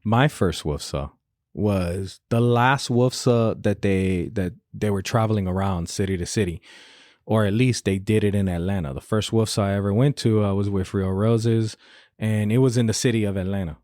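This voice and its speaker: A man co-hosting a podcast, telling stories in animated casual chat. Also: on the low side, normal speed, no room sound, studio quality. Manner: animated storyteller. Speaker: podcast co-host.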